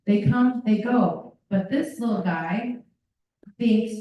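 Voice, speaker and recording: A woman's voice: mid-range voice, slow, a little mellow, a little hiss or hum. A woman presenting at a parent workshop, talking animatedly and acting out children's voices. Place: school meeting room. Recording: echoey room from far off.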